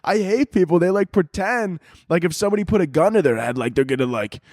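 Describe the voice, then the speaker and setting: A man's voice: high-pitched, lively intonation, quick pace, darkish tone, no room sound, studio quality. A man of twenty hosting a podcast, rambling through a crude, comedic monologue with lots of swearing and frequent laughter. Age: 20s. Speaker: podcast host.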